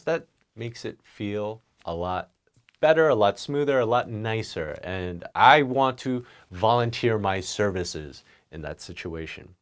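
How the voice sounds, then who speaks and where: Lively male English teacher. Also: on the low side, unhurried. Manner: animated, acts out example phrases. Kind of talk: online English lesson.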